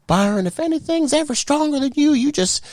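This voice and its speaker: A gentle elderly grandmother speaks in a high, soft voice, as a man puts her on in falsetto. Her tone is calm and reassuring. It sits far above a deep speaking voice. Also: fairly quick, dry recording, studio quality. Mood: tender.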